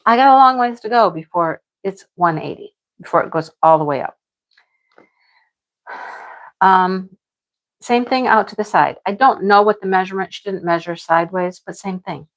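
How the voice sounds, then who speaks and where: A woman's voice: mid-range voice, normal speed, lo-fi sound. A middle-aged woman hosting a livestream, chatting casually with viewers and venting frankly, laughing now and then. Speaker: livestream host. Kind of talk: casual chat with live viewers.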